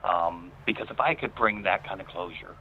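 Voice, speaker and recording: Guest, male, lowish voice, emotional earnest storyteller, phone-quality audio. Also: slight background noise. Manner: earnest, emotional telling with many pauses. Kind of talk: personal storytelling in conversation. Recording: phone-like line.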